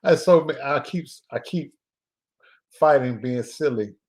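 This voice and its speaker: A man hosting a casual live stream as a filmmaker, talking in a loose, joking way with laughs and drawn-out pauses. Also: medium pitch, a little mellow, husky.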